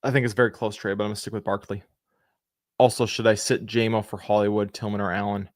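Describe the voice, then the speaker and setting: A young man hosting a casual live Q&A, reading viewer questions aloud, answering them quickly and thanking people by name. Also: lowish voice, little pitch movement, no echo, studio quality. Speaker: fantasy football livestream host.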